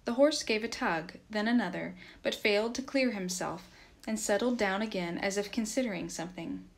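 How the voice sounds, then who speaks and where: Woman, audiobook narration, steady measured reading, mid pitch. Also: vocal fry. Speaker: reader.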